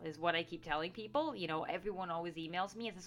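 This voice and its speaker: Earnest psychic woman, low-ish voice. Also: fast, a bit bright. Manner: earnest, reassuring, with many fillers and restarts. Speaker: professional psychic. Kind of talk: casual talk to camera.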